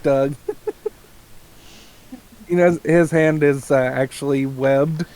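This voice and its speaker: A man's voice: on the high side, steady tone, slow pace, darkish tone. A man raised in Kentucky playing a tabletop game, easygoing and matter-of-fact. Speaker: player. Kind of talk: casual tabletop chat.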